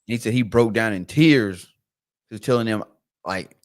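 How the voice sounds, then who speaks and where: A podcast co-host chats casually about sports in a fairly low voice at a measured pace. He's an animated storyteller who restarts phrases, repeats words, and acts out the voices of people he quotes.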